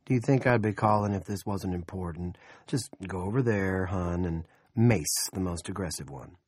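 A man voicing a smug, scheming middle-aged male town politician who speaks slowly and condescendingly. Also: sits low, darkish tone, breathy edge, no room sound. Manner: slow, condescending and self-satisfied.

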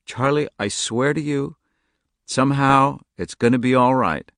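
A man's voice: mid-range voice, measured pace, a bit bright, dry recording, clean studio sound, pitched above the performer's own voice. A man voicing a shaken father who comforts his daughter in an audiobook. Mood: soothing. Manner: soothing, strained. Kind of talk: audiobook character voice.

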